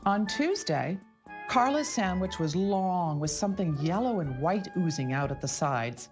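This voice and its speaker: A woman narrating a children's storybook aloud for English learners, slow and expressive. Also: on the low side. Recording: background music.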